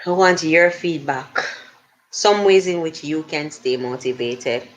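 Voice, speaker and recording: A middle-aged woman hosts a casual motivational livestream. Her voice sits on the lower side. She talks slowly and earnestly, and her speech is full of "um"s and restarts. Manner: chatty, earnest, many fillers and restarts. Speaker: livestream host.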